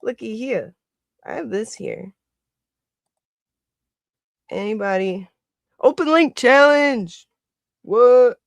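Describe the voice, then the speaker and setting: A woman's voice: fairly high pitch, slow, creaky, long pauses, no echo. A woman hosting a casual livestream, chatting and laughing often as she greets viewers by name. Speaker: livestream host.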